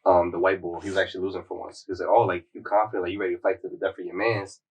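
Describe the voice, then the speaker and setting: A man's voice: sits low, level tone, rapid-fire, a little mellow, breathy edge, recorded from a distance, dull audio. A man hosting a podcast, casually retelling a story in a slangy, rambling way with lots of "like.". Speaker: podcast host.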